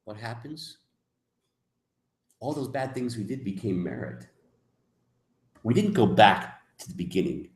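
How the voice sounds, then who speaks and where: A man teaching as a rabbi in a lecture, emphatic, moving between soft asides and loud, stressed points. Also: on the low side, big pitch swings, a little slow, pauses often. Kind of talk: lecture on Jewish mysticism. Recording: echoey room.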